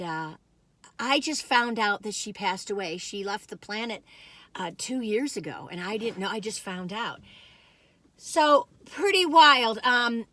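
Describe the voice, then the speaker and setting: A woman's voice: mid-range voice, sharp tone, no echo. An older woman rambling through a casual food review vlog, going off on tangents and laughing often.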